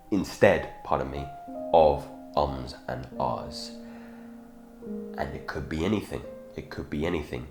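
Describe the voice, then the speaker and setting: Male self-improvement host, very low register, measured and thoughtful with self-corrections; echoey room, guitar bed. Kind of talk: instructional monologue on speaking.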